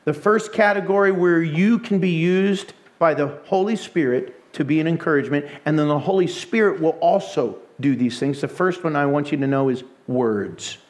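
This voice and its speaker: A man preaching a sermon with animated storytelling and frequent laughter. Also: a little high, moderate pace, hardly any pauses.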